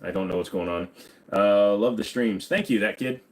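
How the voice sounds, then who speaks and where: Man with a lowish voice, casual livestream Q&A, reads chat questions, answers offhand, lots of fillers. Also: moderate pace.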